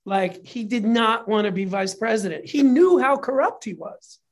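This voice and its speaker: A speaker in a casual conversation, telling a history story in an animated, profane way and getting emotional at times. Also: mid-range voice, normal speed. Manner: gets emotional while telling it. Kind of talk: casual chat.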